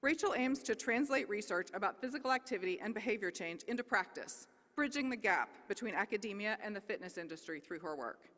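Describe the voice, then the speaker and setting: Bright-voiced woman dean at a ceremony. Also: medium pitch, animated, fairly quick, hardly any pauses. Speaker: dean introducing the speaker. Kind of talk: formal ceremony introduction. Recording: long reverb of a large hall.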